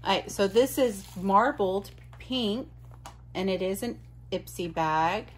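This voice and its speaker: A woman talks through an unboxing for her channel in a relaxed, unhurried way. She gushes and exclaims as she chats, with a voice of middling pitch. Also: slight background noise. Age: adult. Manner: gushing, exclamatory, chatty. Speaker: vlogger unboxing mail. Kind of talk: casual unboxing chat.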